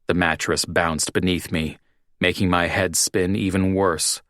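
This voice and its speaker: A male narrator reads a first-person romance story in a measured, even manner. His voice sits on the low side and moves very slowly. The sound is close and dry. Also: no room sound. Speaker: audiobook narrator.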